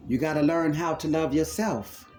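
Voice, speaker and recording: A man's voice: on the high side, normal speed, darkish tone, soft background music. A man preaching a spiritual healing sermon with fervor, repeating phrases for emphasis and calling his listeners loved ones.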